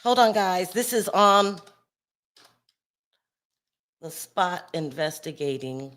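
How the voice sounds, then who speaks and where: A woman hosting a casual live stream from home, upset and shaky, rambling between loud outbursts and sighing murmurs. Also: on the low side, animated, takes it slowly.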